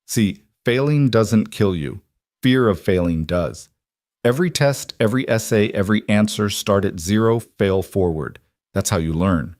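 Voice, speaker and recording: Calm patient male janitor mentor, gentle but firm, as a man reads him; low and dry. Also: moderate pace, dry recording, natural voice.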